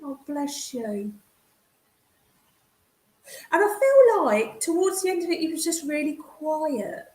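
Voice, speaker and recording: A woman's voice: high voice, very animated, moderate pace, a little mellow, roomy sound. A woman giving a psychic reading as a medium, chatty and affectionate, calling the sitter darling.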